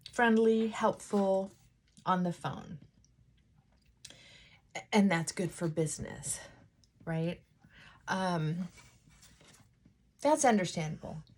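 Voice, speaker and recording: A woman vlogger chatting casually while getting ready, talking things through in a thoughtful, unhurried way with frequent pauses and fillers. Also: fairly low pitch, a little mellow. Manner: unhurried, reflective, thinking aloud.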